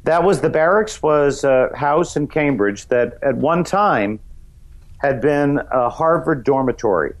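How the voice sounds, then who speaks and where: A middle-aged man from New York's Westchester County, a comedian guest talking in a loose, rambling way, full of "you know" fillers. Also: a little slow. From Westchester County, New York. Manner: acts out voices in high shouts. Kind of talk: casual interview chat.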